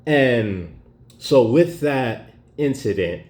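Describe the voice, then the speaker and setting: A man's voice: mid-range voice, expressive, drawn-out words, darkish tone. A man telling a story as a profane, sarcastic rant, in an echoey room.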